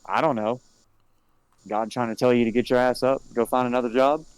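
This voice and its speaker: A young man as a podcast guest who streams games, chatting in a relaxed, laid-back way. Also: medium pitch, fairly quick, clear, resonant tone, no room sound, low-quality recording. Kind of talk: casual chat.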